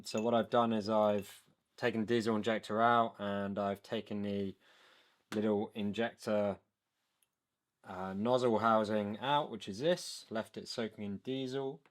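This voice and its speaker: A man narrating a hands-on engine repair tutorial, explaining step by step while he works and often pausing with an um. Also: on the low side. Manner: explains step by step while working, with frequent ums. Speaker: DIY boat engine tutorial maker.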